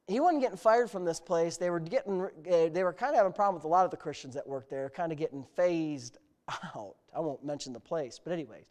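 A man preaching a sermon as pastor, moving between quiet storytelling asides and loud, fervent exclamations. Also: on the high side. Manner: storytelling with humor.

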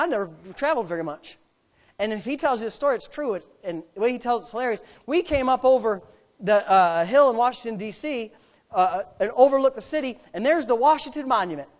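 A middle-aged man, a pastor, telling a story in a sermon and acting out the voices. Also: very high voice. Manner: animated, acts out voices.

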